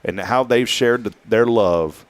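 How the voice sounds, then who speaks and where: A man's voice: mid-range voice, a little slow. A man hosting a morning talk show, chatting casually and jokingly, drawing out key words.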